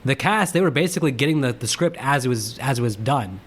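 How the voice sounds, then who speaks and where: A man's voice: medium pitch, lively intonation, fast talker. A man co-hosting a casual movie podcast, chatty and rambling as he shares film trivia. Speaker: podcast co-host.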